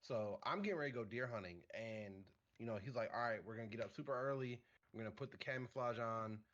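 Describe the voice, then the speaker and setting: A man's voice: medium pitch, quick pace. A young man co-hosting a casual podcast, telling long, easygoing stories and laughing along the way. His voice sits in a middle range. The recording sounds a bit dull and lo-fi. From Michigan. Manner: relaxed storyteller, laughs often. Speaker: podcast co-host.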